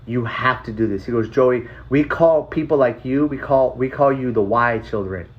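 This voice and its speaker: A man casually telling a personal story, animated and profane, acting out the voices of the people in it. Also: medium pitch, normal speed, lo-fi sound. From Apache reservation, US Southwest. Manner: animated, profane, acts out other people's lines.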